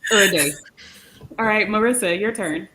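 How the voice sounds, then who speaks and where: A woman hosting a live stream with guests, bubbly and animated, sometimes tripping over her words. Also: medium pitch, normal speed, background noise. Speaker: livestream host. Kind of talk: upbeat live stream chat.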